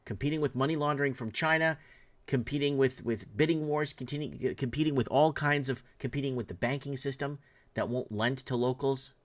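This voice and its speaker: A man's voice: mid-range voice, fairly quick. A middle-aged man, commenting in an impassioned rant, indignant and heated with frequent restarts. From Canada.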